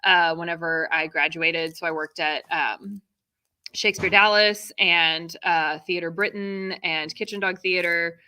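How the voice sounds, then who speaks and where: A woman's voice: fairly low pitch, a little slow, pushed and bright. A woman in her thirties from Texas, a theater director chatting casually as an interview guest, full of fillers and laughter. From Texas, USA.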